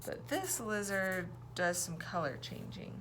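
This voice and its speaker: A young woman teaching a phonics lesson to young children, talking in a cheerful, self-deprecating way and stretching out words slowly for them to repeat. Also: medium pitch, expressive, noisy background.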